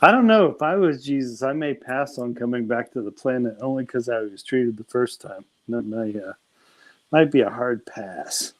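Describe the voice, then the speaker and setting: A man's voice: medium pitch, moderate pace, rough recording. A man chatting casually at home, rambling and retelling comedy bits while laughing at his own jokes. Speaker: conversation partner. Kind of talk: casual chat.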